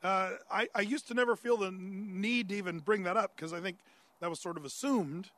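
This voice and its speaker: This is a man with a high-pitched, sharp voice preaching conversationally on a Bible passage. He moves fairly quickly, anticipating listener questions and answering them amid frequent "uh"s and restarts, and there's no echo.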